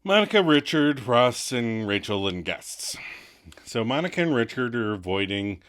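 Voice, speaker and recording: A man's voice: medium pitch, sing-song, moderate pace, a bit bright. A young adult man co-hosting a casual rewatch podcast, making sarcastic jokes and swearing casually. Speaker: podcast co-host.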